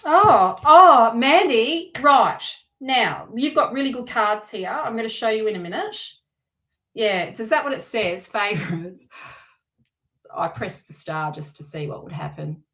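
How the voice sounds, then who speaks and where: A woman's voice: medium pitch, animated, normal speed. A woman doing a live-streamed tarot reading, chatty and encouraging, thinking aloud and correcting herself as she goes. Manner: warm and encouraging toward viewers. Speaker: tarot reader.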